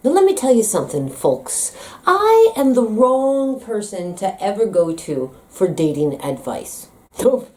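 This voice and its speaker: A woman's voice: mid-range voice, big pitch swings, unhurried, dark tone. An American woman talking in a comedic vlog monologue, playful, teasing and dramatic. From United States. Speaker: vlogger.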